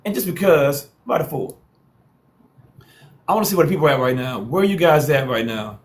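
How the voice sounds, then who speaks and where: A man's voice: on the high side, animated, brisk. Hyped man hosting a live stream. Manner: repetitive hype calls, playful trash talk. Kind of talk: TikTok live hosting, hyping viewers.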